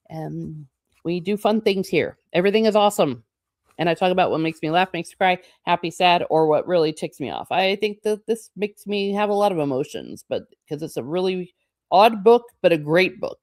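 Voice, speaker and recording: A book channel host reads a novel aloud in a lowish, slightly mellow voice with lively intonation at a moderate pace, stopping for chatty comments and laughing often at the text. It's studio quality with no room sound.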